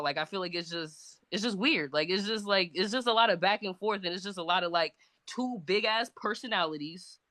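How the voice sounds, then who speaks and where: A woman's voice: fairly low pitch, fairly bright tone, no room sound. A woman who is a guest on a livestream, talking casually and rambling, hedging her points with lots of fillers. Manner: rambling, hedging, full of "like" and restarts.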